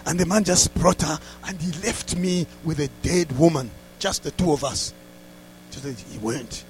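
A man preaching a sermon through a story, dropping to hushed asides and rising to loud exclamations. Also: a little high, a little hiss or hum, rough recording. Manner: laughs between lines.

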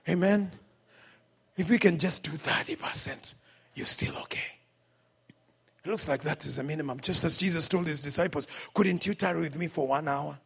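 A man preaching a sermon in church, his voice pitched high and husky. He holds a handheld mic and moves between loud exhortation and soft asides, keeping the congregation answering with amens. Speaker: pastor. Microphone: handheld microphone.

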